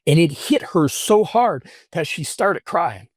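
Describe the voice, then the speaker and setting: A middle-aged man, a guest on an interview show, tells a personal story in an earnest, heartfelt way, often halting and restarting his sentences. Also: fairly high pitch, animated, no echo, clean studio sound.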